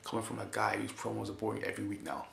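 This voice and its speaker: A man's voice: on the low side, monotone, rapid-fire, vocal fry, fairly bright tone. A man giving a casual, rambling spoken recap of a wrestling show. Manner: rambling, repeats "basically", chuckles often. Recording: echoey room with faint hiss.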